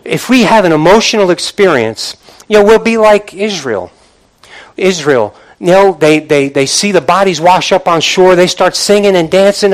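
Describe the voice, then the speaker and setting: An older man, a pastor, preaching a sermon to his congregation, moving from quiet reflection to fervent exhortation and calling out to the room. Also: high voice, normal speed. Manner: builds from quiet musing to impassioned preaching; calls out "Amen?" and "come on" to the congregation.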